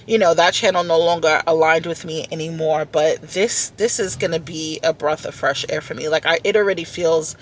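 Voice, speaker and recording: A woman's voice: sits low, fairly even intonation, normal speed, few pauses, slight background noise. A woman vlogging from inside a car, talking in an earnest, heartfelt way and often repeating her words. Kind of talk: heartfelt self-talk vlog.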